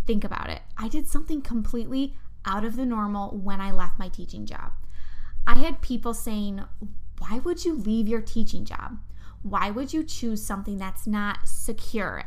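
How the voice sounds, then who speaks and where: A young woman hosting a motivational podcast, talking straight to her listeners in an upbeat, heartfelt way. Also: medium pitch. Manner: enthusiastic, heartfelt, speaks directly to listeners. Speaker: podcast host.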